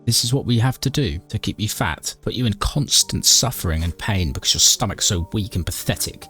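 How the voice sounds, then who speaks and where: A man's voice: fairly low pitch, animated, fairly quick, hardly any pauses, fairly bright tone, faint music behind. A man narrating a game playthrough in a dry, mock-dramatic comic style, often talking to his character. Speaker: gaming YouTuber narrating a playthrough. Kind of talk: comedic game commentary and narration.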